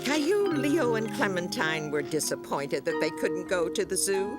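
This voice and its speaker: A woman's voice: medium pitch, big pitch swings, normal speed. Woman narrating a children's cartoon. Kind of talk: scripted storybook narration. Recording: music underneath.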